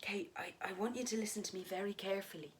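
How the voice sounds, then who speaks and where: Patient, soothing ghost husband, read by a woman, quiet and steady. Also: medium pitch, fast, slight background noise, close to an everyday voice. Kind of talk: dramatic story reading.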